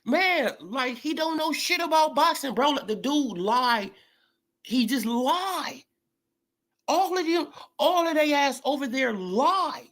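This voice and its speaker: A woman's voice: sits high, takes it slowly. A woman ranting heatedly in a sports commentary vlog, swearing freely and calling people out. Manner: profane, heated, animated.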